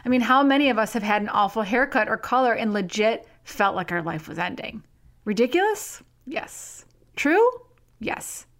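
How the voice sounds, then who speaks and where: A woman's voice: medium pitch, brisk, hardly any pauses, a bit bright. A middle-aged woman hosting her own podcast, talking candidly and with self-deprecating humor, and reading a passage from her book. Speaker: podcast host.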